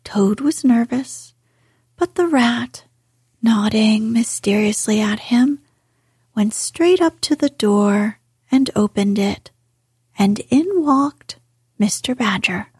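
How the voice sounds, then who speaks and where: A woman reading a storybook aloud in whispered role-play, softly and unvoiced. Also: fairly high pitch, slow, breathy edge, no room sound, clean studio sound. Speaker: narrator.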